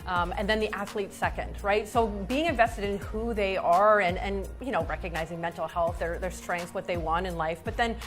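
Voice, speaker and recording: A woman in her forties talking soccer with easy enthusiasm, often restarting her sentences. Her voice sits at a middling pitch. Faint music plays behind her. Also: normal speed, few pauses. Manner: enthusiastic, chatty, frequent restarts. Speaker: soccer analyst and former goalkeeper. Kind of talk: casual studio panel talk.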